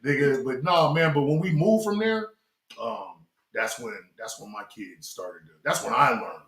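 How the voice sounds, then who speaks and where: A man's voice: medium pitch, sing-song, moderate pace, fairly bright tone. A middle-aged man, a guest rapper, telling rambling, profane stories from his life in a casual interview chat. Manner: loose, profane, rambling storyteller. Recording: roomy echoing studio.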